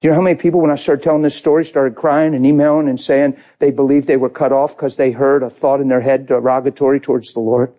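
A man's voice: a little high, mellow. A man preaching a sermon, telling his own story with passion and acting out his prayers.

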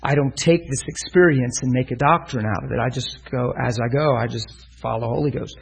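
A man's voice: medium pitch, brisk, vocal fry, husky, low-quality recording. A man preaching a sermon, telling a story and acting out the voices of the people in it. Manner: storytelling, acts out voices in quotes.

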